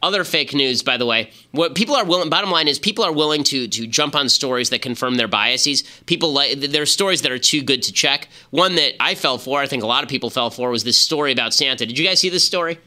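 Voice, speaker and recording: Fast-talking male podcast host, bright voice. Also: medium pitch. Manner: fast, opinionated, with frequent restarts. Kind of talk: political commentary.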